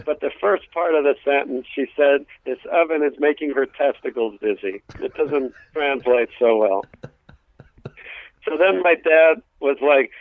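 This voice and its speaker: A stand-up comedian from New York City with a New York accent, telling family stories in a casual interview, full of restarts and acted bits. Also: male voice, medium pitch, measured pace, dry recording. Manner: storytelling with acted family voices, many restarts. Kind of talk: casual radio interview chat. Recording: tinny phone line.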